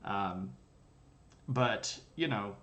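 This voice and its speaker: A man's voice: fairly low pitch, drawn-out words, bright, forceful tone. A man with blocked sinuses giving a casual, chatty live-streamed history lecture with jokes and fillers. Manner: chatty, jokey, many fillers.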